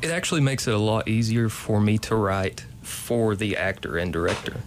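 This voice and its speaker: A man's voice: on the low side, expressive, normal speed, slight background noise. A man in his late twenties from Kentucky, a playwright guest in a casual interview, talking hesitantly with many ums and restarts. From Kentucky, USA.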